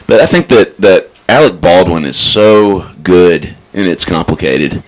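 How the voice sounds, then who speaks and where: A young man with a very low voice co-hosts a radio movie show from the studio mic. He is wry and teasing, and he hesitates and fills as he talks. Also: animated, measured pace, poor audio. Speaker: radio co-host. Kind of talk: casual radio chat.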